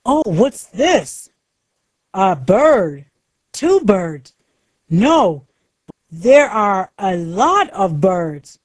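A woman's voice: mid-range voice, very animated, drawn-out words, long pauses, darkish tone, dry recording, full character voice. A woman reader voicing a protective father who gives urgent, commanding calls. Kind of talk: storybook reading.

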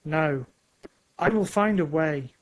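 A man's voice: a little high, slow, lo-fi sound. A man voicing an earnest, determined father in a storybook. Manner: earnest, eager.

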